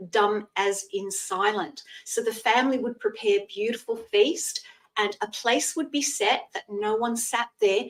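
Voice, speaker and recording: Woman in her 60s, psychic show host, chatty, fairly high voice, set back from the mic. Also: distant mic, low-quality recording. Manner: chatty, thanks viewers by name, explains traditions. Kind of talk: live streamed psychic reading show.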